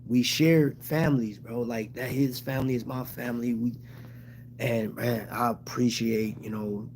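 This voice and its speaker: Grateful man talking haltingly to viewers. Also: mid-range voice, fairly even intonation, a little mellow, slight background noise. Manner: halting, with many restarts and fillers; heartfelt and grateful. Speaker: channel host. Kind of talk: casual livestream talk to viewers.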